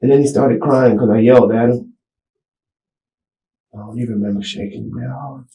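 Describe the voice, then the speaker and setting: A man in a recorded police interview, talking in halting, rambling bursts and often saying "you know what I'm saying". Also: medium pitch, fairly even intonation, mellow, echoey room, poor audio. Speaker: suspect being interviewed by detectives.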